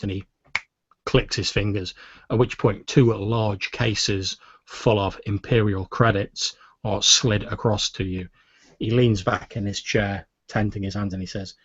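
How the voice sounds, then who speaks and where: A man narrating a tabletop role-playing game as game master, in a relaxed, storytelling manner. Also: lowish voice, unhurried, husky, no echo. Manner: relaxed storyteller, many fillers. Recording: dull, dry lo-fi audio.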